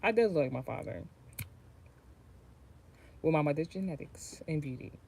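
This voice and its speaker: A woman's voice: low-pitched, animated, moderate pace, creaky, mellow, breathy edge. A woman from the United States talking casually on a livestream as a tarot reader, rambling and swearing freely. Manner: rambling, profane, chatty, often trailing off and restarting.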